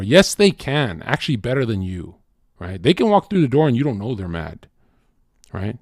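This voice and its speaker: A man's voice: mid-range voice, very animated, normal speed, dry recording, clean studio sound. A man hosting a stream, ranting in a crude, profane monologue and asking "right?" again and again. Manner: mock-quotes people in sudden voice swings. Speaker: streamer host.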